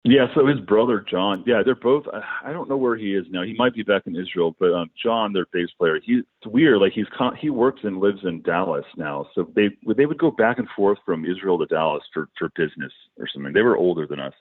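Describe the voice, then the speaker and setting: A middle-aged man, a musician guest, telling rambling, animated anecdotes in a casual podcast interview. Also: sits low, brisk, hardly any pauses, dry recording. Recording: dry, phone-like.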